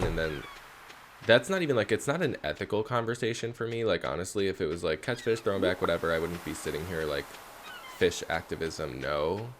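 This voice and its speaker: A man's voice: low voice, slight background noise. A man streaming a game live, chatting casually and rambling with his viewers. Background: game music.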